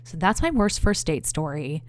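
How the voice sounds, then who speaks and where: A woman's voice: low voice, normal speed. Candid young woman telling a story. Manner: candid, profane, animated storytelling. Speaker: podcast host. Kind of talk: casual storytelling monologue.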